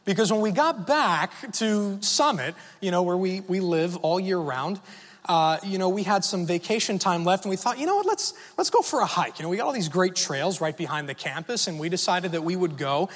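High-voiced man preaching in a reverberant hall. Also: normal speed, fairly bright tone. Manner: conversational storytelling, asks the audience questions. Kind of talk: sermon with personal story.

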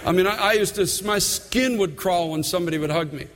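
A man's voice: high voice, brisk, fairly bright tone, slight background noise. Older man preaching in a reverberant hall. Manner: earnest, personal storytelling preaching. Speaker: pastor. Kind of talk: sermon.

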